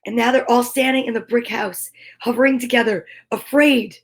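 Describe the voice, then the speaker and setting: A woman telling a fairy tale aloud in a slow, playful comic reading with little asides. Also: a little high, steady tone, creaky. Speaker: storyteller. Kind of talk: comic storybook narration.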